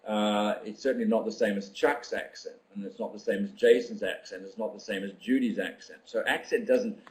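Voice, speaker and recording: An older teacher trainer runs a live webinar, reading out viewers' comments and musing on them. He speaks at an ordinary pitch in a thoughtful, unhurried manner, often pausing with ums. His tone is darkish and the recording is rough.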